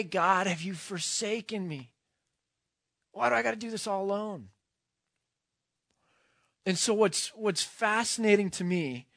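Earnest man preaching, hushed to impassioned. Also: on the high side, dry recording, clean studio sound. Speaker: pastor. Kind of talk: sermon.

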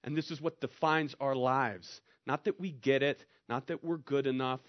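A man's voice: medium pitch, steady tone, moderate pace, lo-fi sound. A man preaching a sermon in a conversational, storytelling way, pushing up into emphatic rises. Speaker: pastor.

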